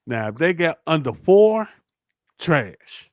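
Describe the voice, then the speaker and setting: A man's voice: fairly high pitch, sing-song, slow pace, darkish tone, no echo, studio quality. A man hosting a podcast in casual chat, playfully running through a list with mock-serious verdicts. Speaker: podcast host.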